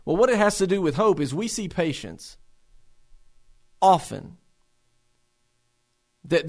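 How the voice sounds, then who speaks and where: A man's voice: high-pitched, moderate pace, pauses often. A man speaking earnestly to fellow believers for a faith-based resource center. He talks with passion, asks rhetorical questions and often repeats words as he starts a phrase.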